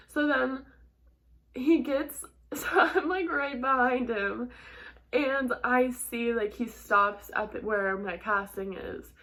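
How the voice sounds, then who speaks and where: A young woman vlogger telling a stressful travel story in a chatty, animated way, full of "like" and quick laughs. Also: fairly high pitch. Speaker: model and vlogger. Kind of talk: casual storytelling to camera.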